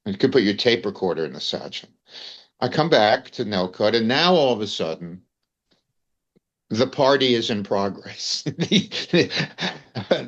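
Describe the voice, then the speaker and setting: A man's voice: lowish voice, dull audio. An older man with a New York accent, telling rambling anecdotes as an interview guest, peppered with "you know" and "man". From United States. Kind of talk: storytelling in casual conversation.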